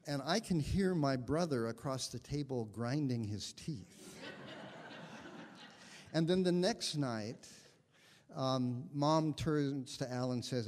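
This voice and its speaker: A male guest minister delivers a sermon at an unhurried pace, weaving a personal story with gentle humor. His voice sits in a middle register. The sound carries a long reverb, as in a sanctuary. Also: medium pitch. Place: congregation sanctuary.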